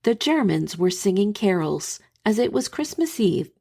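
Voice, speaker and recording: A woman podcast host reading a scripted historical narration in a measured, dramatic storytelling manner. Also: mid-range voice, big pitch swings, dark tone, slightly rough.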